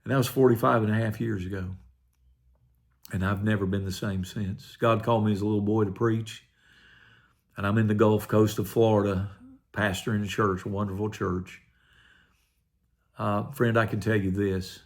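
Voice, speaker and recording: Older gravelly pastor giving testimony. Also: male voice, on the low side, level tone, normal speed, long pauses. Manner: earnest, quietly emotional storytelling. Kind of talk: personal testimony.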